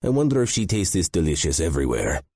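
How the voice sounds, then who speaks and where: A man's voice: sits low, sing-song, quick pace, vocal fry, a little mellow, no room sound, clean studio sound, heavily acted. A man voicing a taunting adult male Russian mobster with a Russian accent. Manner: sneering, taunting.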